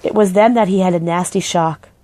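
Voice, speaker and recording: A woman gently and expressively reading a children's book aloud. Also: lowish voice, brisk, no room sound. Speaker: storybook reader.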